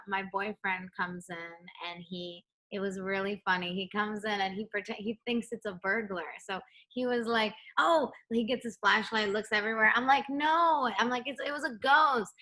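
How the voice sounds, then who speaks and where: A young adult woman, a pop singer, chatting in a remote interview from home, animated and laughing as she acts out the people in her stories. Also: mid-range voice, moderate pace, few pauses. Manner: animated storyteller, acts out quotes, laughs often. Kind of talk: casual interview chat. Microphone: home setup, remote interview.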